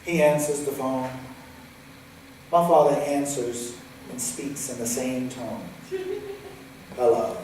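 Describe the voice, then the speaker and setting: A man giving a sermon as a guest speaker, telling a personal story vividly and moving between lively and hushed passages. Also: mid-range voice, slow pace, pauses often. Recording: echoey hall, distant mic, faint hiss.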